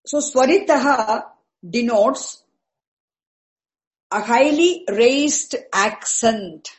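A high-voiced woman teaches Vedic chanting marks. She goes patiently and repeats herself, breaking off words and restarting them. She spells out each term slowly. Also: low-quality recording. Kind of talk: explaining Vedic chanting accents to a class.

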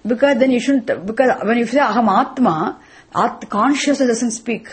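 Woman lecturing on scripture, very breathy airy voice, keeps asking "what now?" style questions. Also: a little high, normal speed. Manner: question-and-answer teaching, repeats key phrases. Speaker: Vedanta teacher.

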